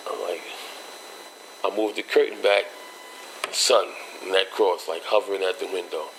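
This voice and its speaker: A man's voice: steady tone, normal speed, fairly bright tone, slight background noise, low-quality recording. A man telling a personal story in casual street slang, acting out the voices of the people in it. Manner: street slang, acts out quoted voices with raised pitch. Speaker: interview guest telling a life story.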